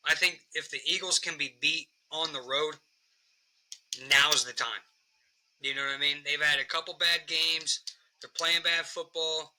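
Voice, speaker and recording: Bright, profane sports podcast host. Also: male voice, a little high, normal speed, rough recording. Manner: profane, animated football picks. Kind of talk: casual sports podcast banter.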